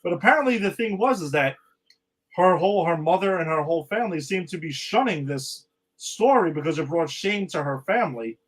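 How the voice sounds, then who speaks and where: A man with a slightly high voice talks through the latest TV episodes with his co-host. He rambles, restarts his sentences and retells scenes by quoting the characters. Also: expressive, brisk, poor audio. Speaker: podcast co-host. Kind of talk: casual chat recapping TV episodes.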